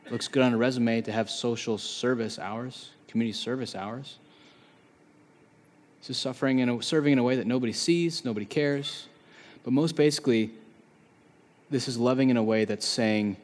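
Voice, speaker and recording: A man in his thirties preaching a sermon in a conversational, animated way, acting out the quotes he tells. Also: medium pitch, moderate pace. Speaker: pastor. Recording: long reverb of a large hall.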